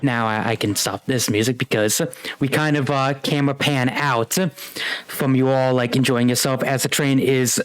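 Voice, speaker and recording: A young man narrating a tabletop game as game master, halting with fillers and little chuckles. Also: mid-range voice, fairly even intonation, clear, resonant tone.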